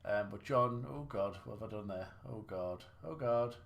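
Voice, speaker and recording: Over some background noise, a male streamer chats casually while playing snooker, mocking his own play and circling back with rambling restarts. His voice is lowish and creaky, delivered at a normal speed.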